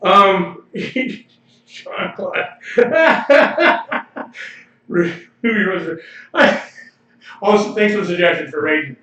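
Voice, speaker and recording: A man's voice: high voice, expressive, drawn-out words, long pauses, pushed and bright. A man co-hosting a podcast in casual chat, opinionated and laughing often. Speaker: podcast co-host. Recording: roomy, distant, slightly dull livestream audio.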